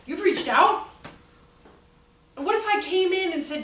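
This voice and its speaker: A woman in her forties giving a jokey, animated talk to an audience about children's behavior and acting out the quotes. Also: extremely high pitch, measured pace, pauses often. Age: 40s. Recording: echoey hall, voice from far off, faint noise.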